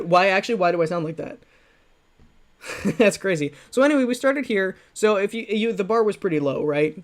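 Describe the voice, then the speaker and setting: A man streaming live who keeps circling back on his own words, full of fillers and self-mockery. His voice sits fairly high for a man. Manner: rambling, self-mocking, restarts and fillers. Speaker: streamer reacting to his old videos. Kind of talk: livestream commentary.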